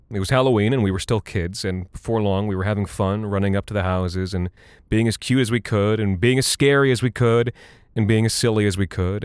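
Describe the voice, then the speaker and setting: Low-voiced man narrating a somber story. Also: clean tone, dry recording. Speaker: narrator and voice actor. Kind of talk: scripted first-person horror narration.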